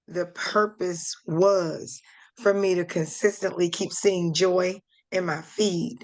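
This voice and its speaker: A woman on a video call, slowly sharing a heartfelt testimony while holding back tears, halting with many pauses. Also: fairly low pitch. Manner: slow, heartfelt, halting with fillers. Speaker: course participant. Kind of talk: emotional testimony on a group call.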